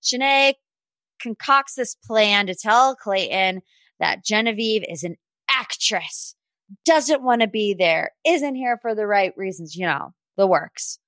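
Speaking slowly in an animated, mid-range voice with a fairly bright tone, a woman hosts a laid-back reality TV recap podcast. She's gossipy and sassy, talks straight to the people she's dishing about, and fills her chatter with "like" and laughter. There's no room sound.

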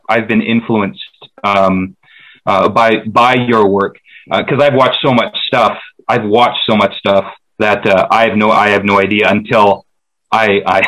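A man on a podcast panel, talking eagerly but haltingly, with many fillers and restarts. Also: on the low side, a bit bright, rough recording. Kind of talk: casual group chat.

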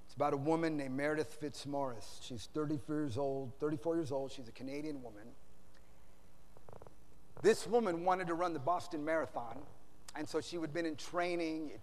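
A male pastor preaching a sermon at a conference, telling stories dramatically and swinging between loud and hushed. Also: a little high, a little hiss or hum. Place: large conference hall. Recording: reverberant large hall.

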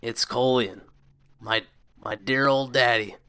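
A man's voice: mid-range voice, fairly even intonation, slow, sharp tone, smooth, no echo. A man voicing a drunken, self-pitying young man who rambles, grumbles and snaps at people. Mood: rambling drunk.

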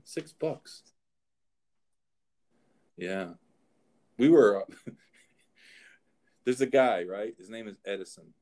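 A man's voice: lowish voice, slow pace, long pauses, mellow. A middle-aged man, a show host and horse trainer, telling rambling anecdotes in casual chat. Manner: rambling anecdotes, frequent restarts.

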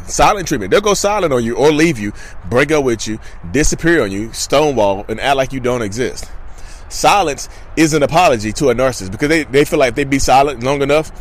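A man vlogging to his viewers in casual commentary, emphatic and repetitive and calling them y'all. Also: medium pitch.

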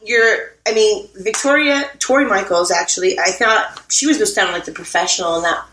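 A woman with a Southern US accent co-hosts a podcast, rambling in a giggly, animated way. Her voice sits at a middle pitch. The hotel suite gives everything a roomy echo. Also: a little fast, a little hiss or hum. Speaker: podcast co-host. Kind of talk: casual chat. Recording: echoey room.

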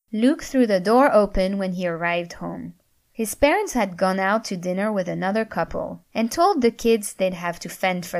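A woman reading a story aloud at an unhurried pace. Her delivery is measured and even, like an audiobook narration. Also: mid-range voice.

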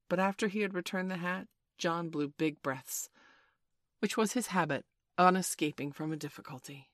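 A woman reading a storybook aloud, calm and measured with gentle expression. Her voice sits on the low side, and the recording is dry and close. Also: no room sound. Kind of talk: storybook read-aloud narration.

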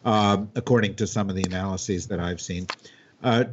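A man's voice: low-pitched, fairly even intonation, moderate pace, slight background noise. A man hosting a political panel discussion, steering the talk and using lots of fillers. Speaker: host. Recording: dull lo-fi audio.

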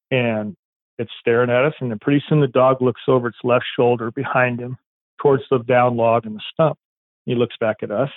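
A man's voice: medium pitch, no echo. Man telling a story over a tinny line. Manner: rambling, acts out quoted dialogue. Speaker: police K9 handler. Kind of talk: casual storytelling. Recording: tinny phone-like line, dry.

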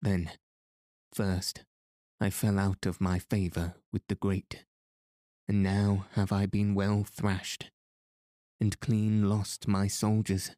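A man's voice: fairly low pitch, little pitch movement, takes it slowly, pauses often, mellow, dry recording, clean studio sound. Dick: a man reading as an earnest young knight. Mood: tender. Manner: earnest, old-fashioned courtly speech. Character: ardent young male knight, humbled but joyful. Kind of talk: audiobook reading.

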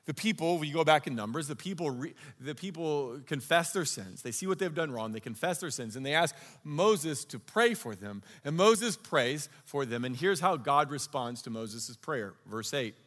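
A man's voice: a little high, lively intonation, moderate pace, few pauses, fairly bright tone. Man preaching in a reverberant hall. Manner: earnest, conversational teaching. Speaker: pastor. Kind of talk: sermon. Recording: long reverb of a large hall.

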